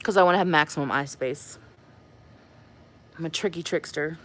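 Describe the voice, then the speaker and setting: A woman with a slightly low voice hosts a makeup live stream. She talks in a loose, chatty way and laughs often as she reads comments from her viewers. Her voice comes through a webcam mic. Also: normal speed. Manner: chatty and giggly, reads and answers the chat. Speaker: makeup livestream host.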